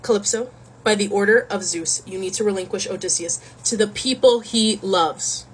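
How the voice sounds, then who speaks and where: Woman doing a blunt, deadpan messenger god. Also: medium pitch, normal speed, a little hiss or hum, lightly acted, low-quality recording.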